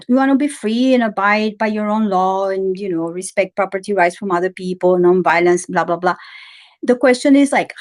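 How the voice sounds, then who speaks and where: A woman guest in an interview, talking gently and animatedly with many fillers as she explains ideas. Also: mid-range voice. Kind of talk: casual interview talk.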